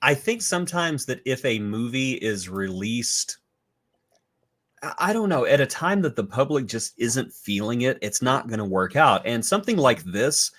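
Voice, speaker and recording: A man hosting a casual film review chat, easygoing and filling pauses with "uh" and "you know". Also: medium pitch, sing-song, a bit bright. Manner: easygoing, drawn-out with fillers. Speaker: podcast host.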